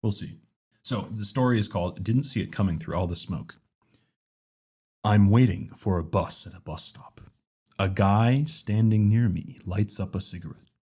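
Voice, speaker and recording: A man's voice: on the low side, normal speed, warm tone, husky. A man hosting a casual comedy podcast, reading a story aloud and handing out roles. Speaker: podcast host.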